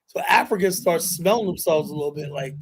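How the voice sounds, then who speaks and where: A male podcast host with a slightly raised pitch drives a heated panel debate. He talks emphatically, argues hard and swears freely as he makes his case. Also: fairly quick. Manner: emphatic, argumentative, loose with profanity.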